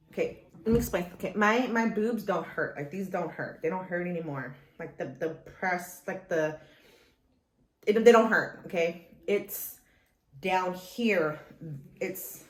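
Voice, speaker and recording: Rambling low-voiced woman in an echoey room. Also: takes it slowly, pauses often. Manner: rambling, with many restarts and fillers. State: sore chest after surgery, talking carefully. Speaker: vlogger. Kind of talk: casual recovery vlog.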